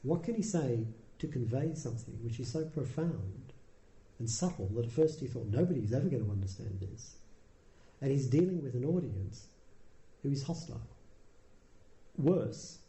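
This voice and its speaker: Mellow-voiced man telling a dharma story. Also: medium pitch, moderate pace. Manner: storytelling, relaxed and conversational with dry humour. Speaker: dharma teacher. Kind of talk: Buddhist dharma talk. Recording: roomy echo.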